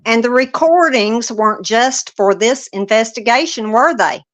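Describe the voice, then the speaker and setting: A woman's voice: on the high side, unhurried. A woman reading a pointed female prosecutor. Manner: steady, pointed questioning. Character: female prosecutor questioning a witness. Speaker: reader in a transcript read-through. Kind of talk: courtroom transcript reading.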